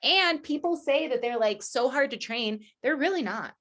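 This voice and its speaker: A woman's voice: high-pitched, animated, normal speed, a bit bright. A woman guest on a casual podcast, a chatty storyteller who fills her talk with "like" and acts out quoted lines.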